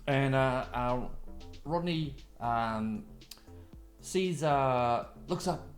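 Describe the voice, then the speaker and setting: A man's voice: mid-range voice, very slow, faint music behind. A man narrating a tabletop game as game master, describing scenes in a loose, rambling way.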